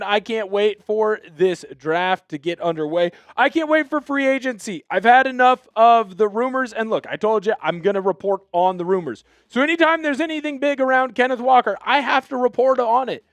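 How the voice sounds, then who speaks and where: A young man hosting a live sports show, hyped and energetic, shouting out viewers by name. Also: very high-pitched, normal speed, few pauses, dry recording. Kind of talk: live-stream sports chat.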